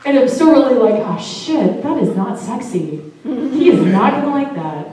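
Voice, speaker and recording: A woman's voice: fairly high pitch, animated, fairly quick, mellow, slight background noise. A woman telling a personal story to a live audience in a casual, chatty way, laughing often and swearing now and then. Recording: very echoey room, voice far from mic.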